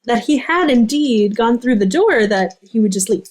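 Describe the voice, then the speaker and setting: A gentle spirit of arrivals, courteous and earnest, pleading her case with soft apologies, played by a woman. Her voice sits fairly high. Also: expressive, normal speed. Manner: polite and apologetic, softly pleading.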